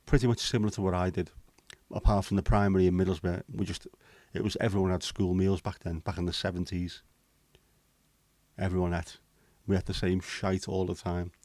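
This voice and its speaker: A man's voice: low-pitched, level tone, brisk, darkish tone, dry recording. A man, hosting a casual livestream chat, bantering with viewers and swearing casually. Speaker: livestream host.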